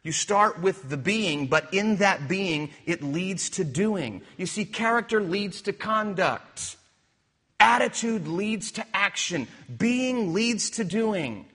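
A man preaching a sermon, using rhetorical questions and swinging from hushed to emphatic. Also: high-pitched, lively intonation, slow, slightly rough. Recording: reverberant hall.

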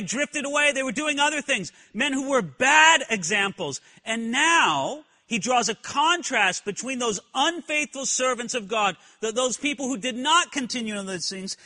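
Earnest high-voiced male preacher. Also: sharp tone, big-room sound. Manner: earnest preaching, asks the congregation questions, uses slides. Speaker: pastor. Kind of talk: sermon. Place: church sanctuary.

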